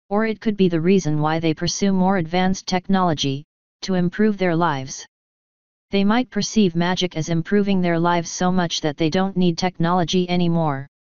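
A woman's voice: on the low side, darkish tone, clean tone, dry recording, muffled recording, close to an everyday voice. A woman reading a bitter, bedraggled unicorn mare. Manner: bitter, intense.

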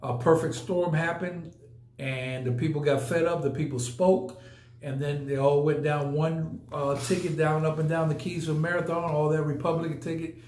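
A man's voice: on the high side, steady tone, normal speed, darkish tone, echoey room. A man hosting a casual podcast, talking emphatically and repeating points for effect. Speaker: podcast host. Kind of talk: casual live podcast talk.

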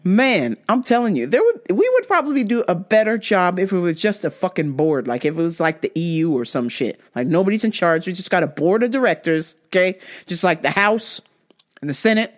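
Animated, foul-mouthed woman podcast host. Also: lowish voice, a little fast, few pauses. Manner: blunt, swears constantly, animated. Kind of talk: casual profane rant.

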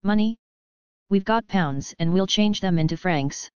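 A woman's voice: mid-range voice, unhurried, darkish tone, clear, resonant tone, no room sound, dull audio, natural voice. A woman reading the part of a cheerful, adventurous father who is a naval commander, speaking firmly and explaining patiently in a storybook reading.

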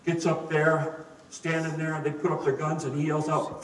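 A man's voice: on the high side, completely flat delivery, moderate pace, a little hiss or hum. A man preaching a sermon, telling jokes and stories in a folksy, conversational way. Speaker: pastor. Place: church sanctuary. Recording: echoey room, mic at a distance.

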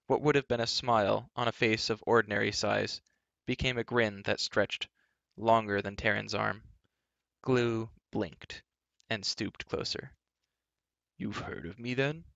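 Gravelly man reading a storybook aloud. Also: on the low side, level tone, no room sound, dull audio. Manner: gentle storytelling, measured. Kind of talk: children's book read-aloud.

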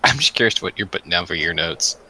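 A man's voice: sits low, lively intonation, fast talker, pushed and bright, a little hiss or hum, poor audio. A young man chatting casually over a game, laid-back and dry as he reasons it out. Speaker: game player. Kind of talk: casual let's-play chat.

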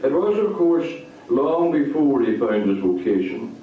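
A man reading a story aloud in a lively, expressive way. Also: medium pitch, measured pace, a little hiss or hum. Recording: distant, echoey, phone-like lo-fi.

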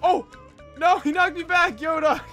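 A man commentating his gameplay, laughing often and breaking into excited high outbursts. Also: normal speed, soft background music. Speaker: gaming YouTuber.

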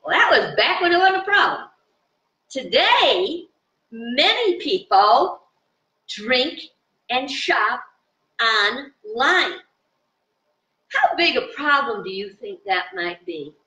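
A woman giving an informal live spiritual talk to viewers from her home in the country, chatty and animated, with fillers. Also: fairly high pitch, slow, long pauses. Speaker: spiritual teacher. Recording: dull, roomy sound from a distant mic.

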